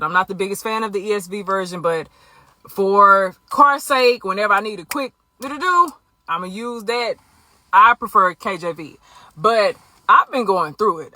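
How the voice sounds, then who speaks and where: Bright-voiced woman sharing her faith. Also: mid-range voice, no room sound. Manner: earnest, conversational, preachy. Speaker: Christian vlogger. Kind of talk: candid faith testimony to camera.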